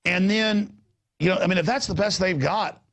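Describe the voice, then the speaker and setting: Husky raspy guy hosting, rambling and stammering, acts out what people said. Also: sits high, moderate pace. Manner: animated, stammering repeats, acts out quotes. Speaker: host. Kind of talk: rambling on-air chat. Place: studio in Austin.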